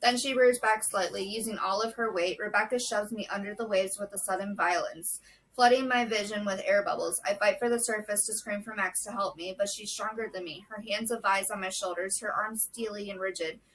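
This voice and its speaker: A woman reading a novel chapter aloud in a steady, measured way, with brief casual asides. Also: medium pitch, recorded from a distance, slight background noise, poor audio. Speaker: book vlogger.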